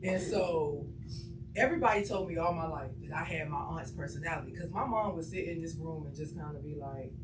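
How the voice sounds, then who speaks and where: A woman on a panel telling a family story with humor, building each part to a punchline. She is picked up from a distance in an echoey room. Noise runs behind her. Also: fairly low pitch. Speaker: panelist, social justice advocate. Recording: echoey room from far off, noisy.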